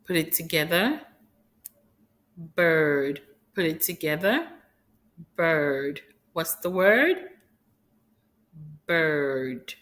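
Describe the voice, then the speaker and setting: A woman leads a phonics drill for small children. She speaks very slowly, sounding out each letter and repeating every word. Her voice sits a little low. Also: big pitch swings, fairly bright tone. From Haiti. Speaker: phonics teacher.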